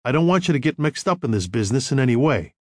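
A man voicing a guarded, wry young American ex-soldier in an audiobook, calm and dryly humorous. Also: medium pitch, very fast, no echo, clean studio sound, natural voice. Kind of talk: audiobook character reading.

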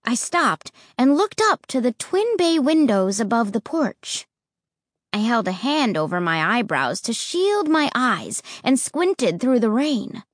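A woman's voice: on the high side, takes it slowly, no room sound, studio quality. A woman narrating a storybook and voicing its characters' lines. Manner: lively, acts out the characters' lines. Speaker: audiobook narrator.

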